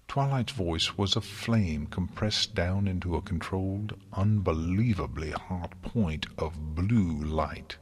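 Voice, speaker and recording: A man narrating an audiobook in a measured, dramatic storytelling manner. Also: low voice, lively intonation, a bit bright, slightly rough.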